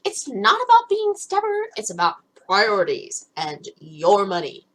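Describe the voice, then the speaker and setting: Eine junge Frau liest beschwipst ein Visual Novel vor, plaudert locker, kichert viel und schweift ab. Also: female voice, medium pitch, wildly swooping pitch, measured pace, fairly bright tone, low-quality recording. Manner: giggly, rambling. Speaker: let's play host. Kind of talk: tipsy casual game reading.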